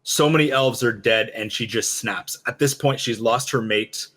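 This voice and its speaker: A man's voice: medium pitch, normal speed, fairly bright tone. A man co-hosting a podcast, talking casually about a game cinematic in a rambling way with frequent restarts and fillers. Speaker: podcast co-host.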